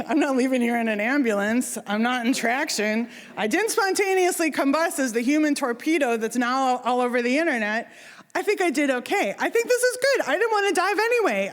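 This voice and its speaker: Brief: woman storyteller, high voice, lively and self-deprecating, long hall reverb. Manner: animated, self-mocking, acts out quotes. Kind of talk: live stage storytelling. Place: theater stage.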